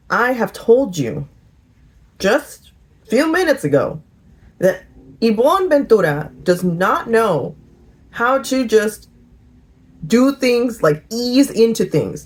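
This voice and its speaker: A middle-aged woman chatting casually in a get-ready-with-me vlog, telling a lively story with laughter. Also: fairly high pitch. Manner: animated storytelling, laughing and singing along. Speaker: vlogger.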